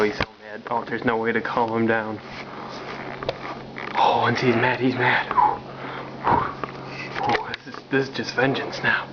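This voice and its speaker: A man filming his cat at home, talking to it in a playful, teasing, mock-dramatic way with drawn-out exclamations. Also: medium pitch. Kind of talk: casual teasing narration to a pet. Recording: dull, noisy home camcorder audio.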